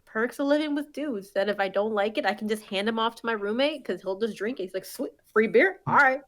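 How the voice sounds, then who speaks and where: A woman's voice: medium pitch, fast talker. Laid-back young woman in casual chat. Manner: laid-back, swears casually, laughs between lines. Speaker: podcast co-host.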